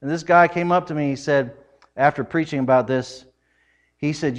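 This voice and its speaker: Give me a middle-aged male preacher with a slightly high voice, telling stories in an animated, laughing way. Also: moderate pace. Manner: animated, laughing often, loud acted quotes. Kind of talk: humorous storytelling sermon.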